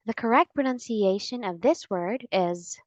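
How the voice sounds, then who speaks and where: Slow, deliberate woman teaching pronunciation. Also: mid-range voice, dry recording. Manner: clear, deliberate, drawn-out model words. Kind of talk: slow scripted pronunciation lesson.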